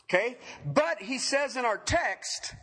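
Middle-aged male pastor, high lively voice, bright and a little husky, jokey sermon delivery. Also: slow. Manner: joking, animated preaching with frequent laughs.

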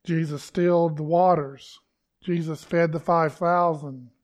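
A man's voice: on the high side, fairly even intonation, unhurried. A man preaching a conversational sermon to his congregation, acting out quoted lines with emphasis. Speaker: pastor.

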